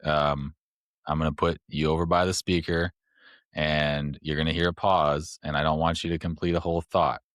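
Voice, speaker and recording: A man's voice: a bass voice, flat delivery, moderate pace, a bit bright, dry recording, clean studio sound. A man hosting a podcast, explaining things at length in a rambling, casual way. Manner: rambling, explains step by step with fillers. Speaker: podcast host.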